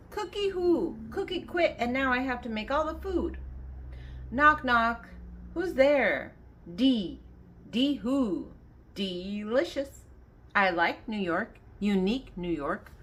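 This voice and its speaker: An older woman reading a children's joke book aloud, posing riddles and giving the answers, laughing along at the jokes. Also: mid-range voice. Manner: reads riddles then answers, laughing at her own jokes.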